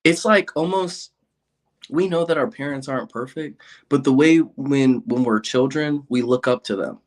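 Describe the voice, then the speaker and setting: In a relaxed chat, this interview guest speaks at a moderate pace in a medium-pitched male voice, telling stories with lively energy and breaking into frequent laughter.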